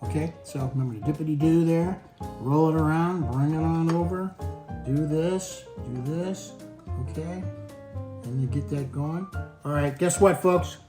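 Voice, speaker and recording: A man with a fairly high voice hosts a home cooking demonstration in his kitchen, speaking unhurriedly. He's playful and chatty, addressing his viewers directly while music plays in the background.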